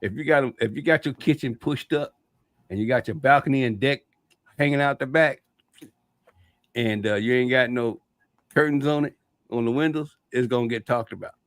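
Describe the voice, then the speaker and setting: A middle-aged man co-hosting a casual chat show, folksy and quick to laugh, often repeating himself. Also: medium pitch, dry recording. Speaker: co-host.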